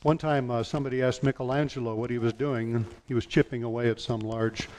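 A man preaching a sermon, retelling scripture with lively storytelling and dropping low and quiet for quoted lines. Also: fast, slight background noise. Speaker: pastor.

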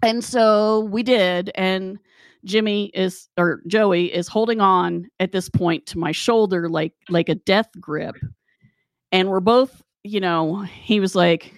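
A woman casually telling a spooky personal anecdote, animated and acting out the dialogue. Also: medium pitch, slow, dry recording, clean studio sound. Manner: animated, acts out dialogue in quotes. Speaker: storyteller.

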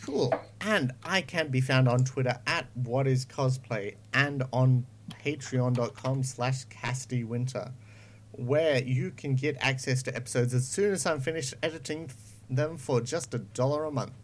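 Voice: mid-range voice, a little slow, a little hiss or hum. A podcast host, chatting breezily through a show's sign-off. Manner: chatty, breezy self-promotion. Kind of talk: casual podcast outro.

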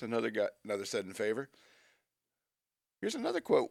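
A man's voice: mid-range voice, huge pitch swings, brisk, gravelly, pauses often, darkish tone, dry recording, clean studio sound. A man hosting a radio show, reading news items aloud and adding wry, joking asides in casual banter.

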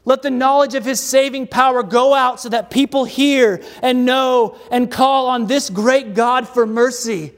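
A man with a notably high voice and fairly even intonation delivers a sermon in a slow, measured cadence, relying on pauses and repeated refrains. A long reverb makes it sound as though he is in a large hall.

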